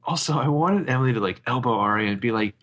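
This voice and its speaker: A man's voice: mid-range voice, lively intonation, fast talker, fairly bright tone. A man co-hosting a podcast in casual chat, playful and a bit hesitant. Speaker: podcast co-host.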